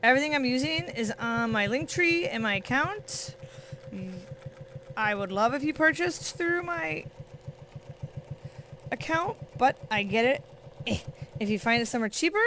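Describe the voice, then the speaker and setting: A middle-aged woman hosting a casual quilting livestream, chatting excitedly with viewers as she sews. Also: on the high side, a little hiss or hum. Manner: bubbly, chatty, talks to viewers by name. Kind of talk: casual livestream chat while sewing.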